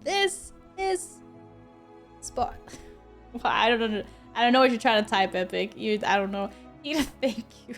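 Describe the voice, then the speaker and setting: A high-pitched woman streaming a game, talking in an unhurried drawl that keeps tipping into giggles and sudden squeals as she thanks chat. Soft game music runs faintly underneath her voice. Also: expressive. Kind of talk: casual live-stream chat.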